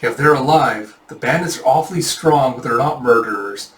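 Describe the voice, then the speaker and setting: A man's voice: mid-range voice, moderate pace, a bit bright. A man casually narrating a manga readthrough in a chatty, loose way. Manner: chatty, lots of "it's like". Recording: echoey room, mic at a distance.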